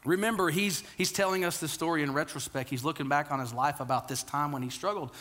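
Earnest pastor with a higher voice. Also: male voice, quick pace. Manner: earnest, conversational preaching with frequent repeated words; drops to a quiet, low delivery on key lines. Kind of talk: sermon.

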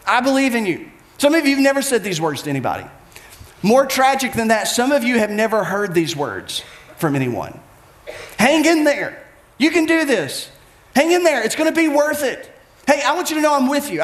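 A man preaching a sermon with passion, swinging between loud urging and quiet intensity. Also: sits high, roomy sound. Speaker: pastor.

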